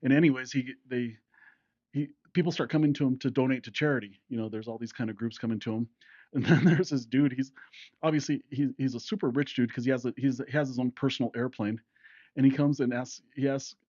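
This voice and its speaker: A man's voice: medium pitch, steady tone, a little fast, darkish tone, dry recording, highs cut off. A man in his fifties co-hosting a casual podcast with his son, rambling through stories, laughing often and acting out quotes. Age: 50s. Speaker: podcast co-host, father. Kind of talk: casual chat.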